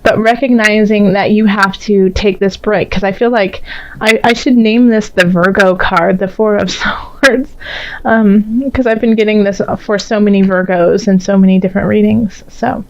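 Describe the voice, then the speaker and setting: A woman's voice: medium pitch, steady tone, moderate pace, dull audio. A woman giving a casual tarot reading, chatty and full of fillers, often laughing as she talks. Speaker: tarot reader.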